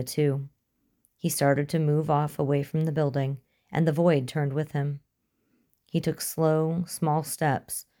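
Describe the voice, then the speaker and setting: A woman reads a thriller aloud in a measured, suspenseful narrating voice. Her tone is low and dark, smooth and mellow rather than bright, and she keeps an even, controlled delivery. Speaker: audiobook narrator. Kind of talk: scripted narration.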